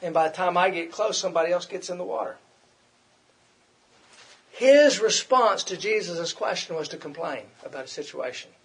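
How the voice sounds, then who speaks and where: A man's voice: sits high, animated, moderate pace. A middle-aged man preaching a conversational sermon, repeating himself and acting out quoted complaints.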